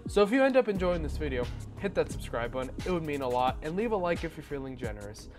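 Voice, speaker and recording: A young man hosting a movie reaction, chatting casually and bluntly, swearing and getting loud and worked up. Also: fairly high pitch, sing-song, fast, over music.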